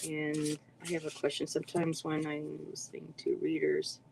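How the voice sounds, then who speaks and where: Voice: mid-range voice, very animated, normal speed, gravelly, a little mellow, slight background noise, low-quality recording. A card reader hosting a casual livestream, greeting viewers in the chat by name and now and then tripping over words.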